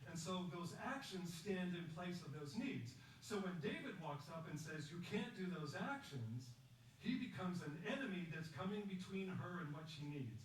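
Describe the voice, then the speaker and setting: A man giving a prepared public talk, measured and emphatic, telling a story and asking rhetorical questions. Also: high-pitched, lively intonation. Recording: echoey distant recording with faint background noise.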